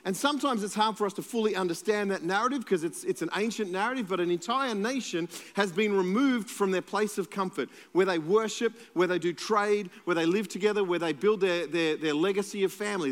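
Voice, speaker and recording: A man's voice: sits high, a little fast, hardly any pauses, in a large hall. A man with an Australian accent, a pastor preaching a sermon in a conversational, playful way and joking with the congregation.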